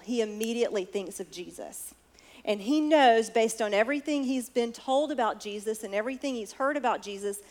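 A woman preaching a sermon, retelling a story and asking her listeners direct questions. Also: mid-range voice.

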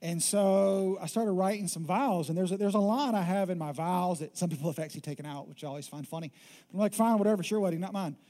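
A man in his thirties preaching a sermon as pastor, emphatic and swinging from loud declarations to hushed, intimate lines. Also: high voice, quick pace.

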